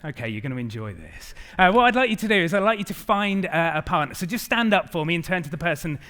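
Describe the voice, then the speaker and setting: Bright-voiced man giving a keynote. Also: fairly high pitch, fast. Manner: lively, engaging, directs the audience. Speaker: keynote speaker. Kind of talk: conference keynote talk. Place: large conference hall.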